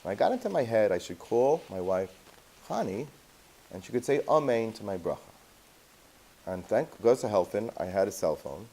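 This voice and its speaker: Low, mellow-voiced rabbi telling a story. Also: male voice, normal speed, husky. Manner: animated anecdotal storytelling with Yiddish and Hebrew terms. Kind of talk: storytelling talk to a class.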